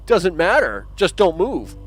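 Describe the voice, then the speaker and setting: A man voicing a stern male hotel security porter who gives flat, firm orders. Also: measured pace, full character voice. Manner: stern, flat, authoritative, lower-pitched.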